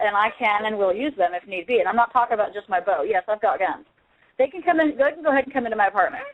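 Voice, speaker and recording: Defiant woman on a tinny phone line. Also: fairly high pitch. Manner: defiant, plain-spoken. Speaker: caller.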